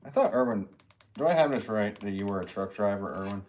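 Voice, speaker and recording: Low-ish voiced guy doing a chill pottery live stream, reading chat, rambly, laughs a lot, trails off, little bit of background hiss. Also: animated, fairly quick, darkish tone. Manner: easygoing and rambling, chuckles often, trails off mid-sentence.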